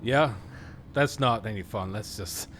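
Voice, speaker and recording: A man's voice: lowish voice, a little hiss or hum. A man streaming a game with friends, chatting casually and reading story text aloud. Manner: lively, reads narration slowly and deliberately.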